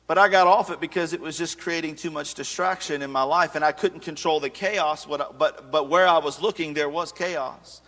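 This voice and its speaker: A man in his thirties preaches with a high, bright, forceful voice. His delivery is casual and joking, with quick acted asides, and it rings out with a long reverb of a large church hall. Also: fairly even intonation. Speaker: pastor. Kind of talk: sermon.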